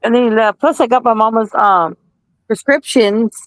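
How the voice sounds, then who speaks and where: Cheerful woman hopping into the chat, kinda high voice, dry close sound. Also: moderate pace, no echo, low-quality recording. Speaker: chat participant. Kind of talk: casual chat.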